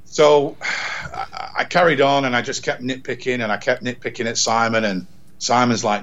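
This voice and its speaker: A man from England, a radio presenter, telling an animated story in casual chat, repeating words and acting out dialogue. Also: medium pitch, normal speed, dull audio. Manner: rambling, repeats words, acts out quoted dialogue. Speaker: radio presenter, podcast guest.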